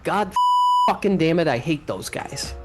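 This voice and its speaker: A man's voice: on the high side, lively intonation, moderate pace, over loud music, natural voice. A man doing a foul-mouthed cranky New Zealand radio host. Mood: grudging. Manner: swears constantly, bleeped, calls everyone mate.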